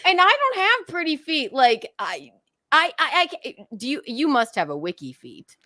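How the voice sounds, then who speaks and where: A woman guest on a comedy podcast, telling stories with animated put-on voices, laughing often and swearing. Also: high-pitched, moderate pace, no echo, studio quality. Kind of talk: casual comedic chat.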